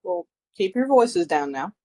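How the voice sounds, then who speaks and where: A woman's voice: medium pitch, very animated, a little slow, mellow, rough recording. A woman playing a brash, crude young man adventurer in a tabletop game, joking and carefree. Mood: cocky.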